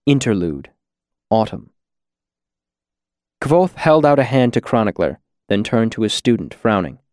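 A man narrating an audiobook in an even, unhurried, scripted way. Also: on the low side, no room sound, clean studio sound.

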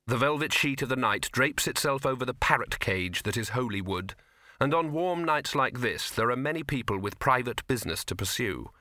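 A man reading a novel aloud in a measured, wry storytelling manner, close to a studio mic. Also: mid-range voice, expressive, sharp tone, no echo. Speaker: audiobook narrator. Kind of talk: scripted narration.

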